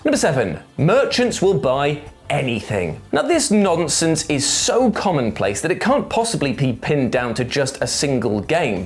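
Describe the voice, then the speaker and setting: Playful games narrator. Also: medium pitch. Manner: playful, jokey, animated asides. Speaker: video narrator. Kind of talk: scripted comedic commentary.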